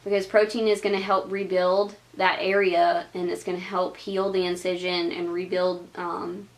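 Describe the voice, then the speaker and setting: A woman's voice: fairly low pitch, flat delivery, moderate pace. Chatty young woman giving casual advice. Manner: chatty, laughs often, uses lots of "like". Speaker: vlogger. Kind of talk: casual advice chat to camera.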